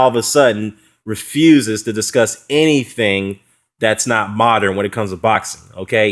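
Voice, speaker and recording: A man's voice: fairly low pitch, a bit bright. A man talking in a heated, mocking vlog rant, with frequent fillers and short laughs. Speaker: boxing commentary vlogger. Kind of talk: casual ranting response video.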